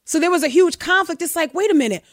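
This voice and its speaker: A woman co-hosting a talk radio show, telling a story in an animated, emphatic way. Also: very high-pitched, fast talker, dry recording, studio quality. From United States. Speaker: radio co-host.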